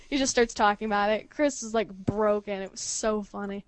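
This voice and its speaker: A young woman chatting on a podcast over an internet call, giggly and animated, telling stories and doing her friends' voices. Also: medium pitch, brisk, few pauses, dry recording. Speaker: podcast co-host. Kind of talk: casual chat over a call. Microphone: computer mic on an online call.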